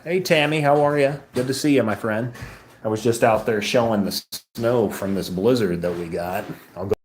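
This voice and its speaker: A man's voice: lowish voice, normal speed, a little hiss or hum. A man hosting a casual live stream, chatting loosely with viewers and greeting them by name, often laughing as he talks into a handheld phone.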